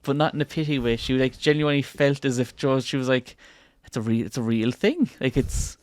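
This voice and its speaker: A man chatting on a podcast, animated, laughing often and acting out what other people say. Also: medium pitch, brisk, no echo, studio quality. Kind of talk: casual podcast chat.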